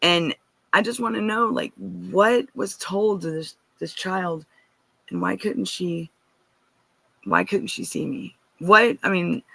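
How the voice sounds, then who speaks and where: A woman's voice: fairly low pitch, takes it slowly, gravelly, sharp tone, breathy edge, dry recording. A woman giving an earnest, rambling personal account as a guest, often restarting and turning to ask listeners directly.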